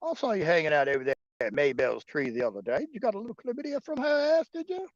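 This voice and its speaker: A man's voice: sits high, sing-song, fast, no echo, pitched above the performer's own voice, full character voice. Man putting on a raised-voice koala with a fake Aussie drawl, crude and gossipy, slightly muffled stream mic. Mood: teasing. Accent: put-on Australian. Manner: crude, teasing banter.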